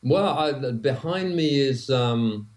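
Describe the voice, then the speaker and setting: A man's voice: medium pitch, lively intonation, takes it slowly. London man on a roomy video call. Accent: London English. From England. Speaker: guest. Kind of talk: casual podcast chat over video call.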